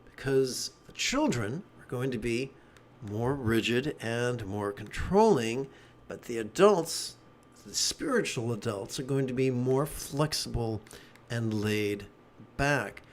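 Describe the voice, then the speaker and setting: Meditation teacher, male, lively and joking, mid-pitched voice. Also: slow. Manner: animated, joking asides. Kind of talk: dharma talk.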